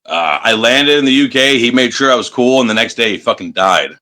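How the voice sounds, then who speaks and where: A bright, punchy male voice with a hard edge, from the United States. He tells wrestling road stories in a casual interview, swearing constantly and mimicking chanting crowds. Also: medium pitch, brisk. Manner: profane, animated storyteller who acts out crowd chants. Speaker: professional wrestler guest.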